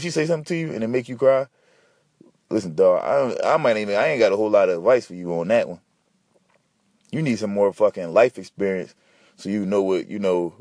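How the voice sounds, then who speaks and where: A man's voice: medium pitch, darkish tone, no echo, clean studio sound. A man hosting a podcast alone, giving blunt, profane, rambling advice in an unscripted casual monologue. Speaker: podcast host.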